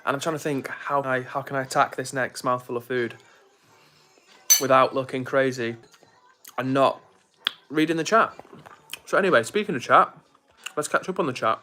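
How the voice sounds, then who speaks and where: A man's voice: mid-range voice, normal speed, pauses often, noisy background. A young man chatting casually on a live stream, reading viewer comments aloud.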